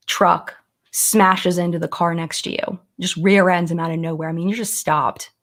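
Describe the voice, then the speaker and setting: A woman hosts a relaxed beauty live stream, chatting to her viewers and thanking them by name. Her voice sits a little low, and she turns earnest and thoughtful, often restarting her sentences as she works through a point. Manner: chatty, reads out and thanks commenters; earnest and reflective, with many restarts. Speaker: beauty YouTuber hosting a live chat. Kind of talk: casual live-stream chat.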